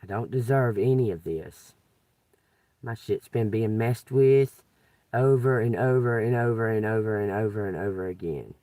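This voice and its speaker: A woman's voice: very deep voice, normal speed, dark tone, no room sound. A woman ranting in a profane, agitated way, recorded a little away from the mic in a dry car. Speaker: tarot reader. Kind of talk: unscripted venting vlog.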